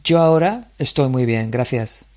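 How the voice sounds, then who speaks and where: A man with a Spanish accent reading an Englishman's lines in a beginner's dialogue, slow and clear for learners. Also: mid-range voice, expressive, darkish tone, natural voice. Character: Englishman living in Spain.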